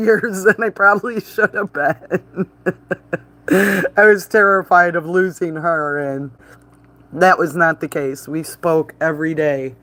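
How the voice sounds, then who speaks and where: A man chatting on a live stream from a bar, telling animated stories, laughing often and swearing freely. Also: fairly high pitch, poor audio. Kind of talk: casual live-stream chat. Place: bar, indoors.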